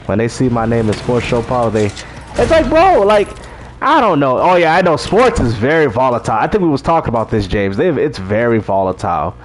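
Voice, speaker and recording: A man's voice: medium pitch, very animated, fast, hardly any pauses, a little hiss or hum. A man hosting a live stream, chatting in a laid-back way and laughing often. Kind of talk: casual livestream chat.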